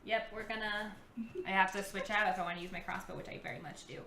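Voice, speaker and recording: A woman playing a tabletop game, excitable and giggly as she thinks aloud. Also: medium pitch, fast talker, gravelly. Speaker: player. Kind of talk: casual tabletop game play. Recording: roomy echo.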